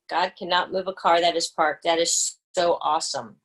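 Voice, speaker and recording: A woman's voice: lowish voice, fairly even intonation, moderate pace, a bit bright. A woman hosting a book study group on a video call, chatty and encouraging, with lots of fillers. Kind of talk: casual group video chat.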